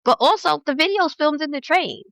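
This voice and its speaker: A woman from New York, a podcast guest, telling stories in an animated, emphatic way. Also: high voice, normal speed, no room sound. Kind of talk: casual conversation.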